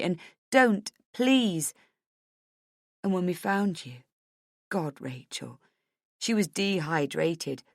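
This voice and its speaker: In a dry, close audiobook recording, a medium-pitched woman voices a frightened young husband near tears. His pleading comes out soft and halting.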